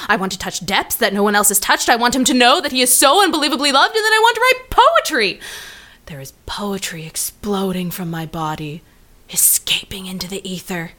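A woman's voice: mid-range voice, sharp tone. A woman playing her gushing emotional self. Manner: effusive and melodramatic. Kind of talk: comedy sketch dialogue.

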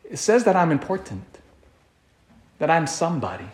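A man giving a sermon as a priest, animated and full of rhetorical questions, often repeating himself. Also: on the high side, moderate pace, roomy sound. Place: church.

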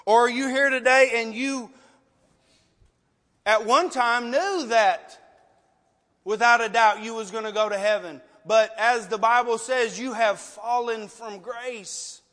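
A male preacher delivering an emotional, sometimes loud sermon full of pleading rhetorical questions and an altar call. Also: very high-pitched, fairly even intonation, a little slow. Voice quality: passionate, emotional, loud at times. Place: church sanctuary. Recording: long reverb of a large hall.

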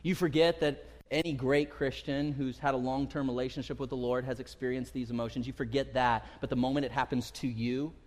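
A man's voice: mid-range voice, little pitch movement, brisk. A man in his thirties preaching a sermon to a congregation, talking casually and acting out quotes with rising emphasis. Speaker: pastor. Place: church sanctuary. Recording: long hall reverb.

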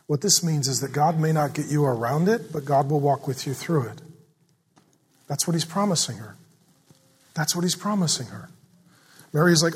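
A middle-aged man preaching a sermon, swinging from loud emphatic passages to a soft, fatherly hush. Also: on the high side, normal speed, breathy edge. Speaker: pastor.

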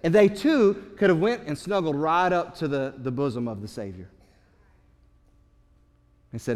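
A man preaching a sermon as pastor, swinging between loud, urgent passages and hushed, quiet ones. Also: on the high side, lively intonation, measured pace, long pauses, in a large hall.

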